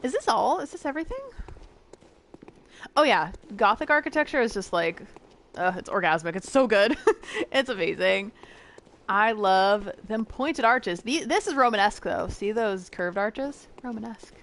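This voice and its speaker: A woman's voice: medium pitch, animated, normal speed, fairly bright tone. A young American woman streaming a game, chatting casually with viewers in a giggly, rambling way. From United States. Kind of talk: casual gameplay chat with viewers.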